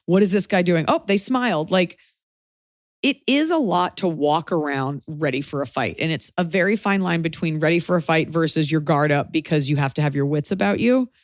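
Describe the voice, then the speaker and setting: A woman's voice: deep voice, expressive, dry recording, studio quality. A woman hosting a podcast, giving advice in casual chat with a wry, opinionated delivery. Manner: wry and opinionated, slips into quick mock voices. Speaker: podcast host.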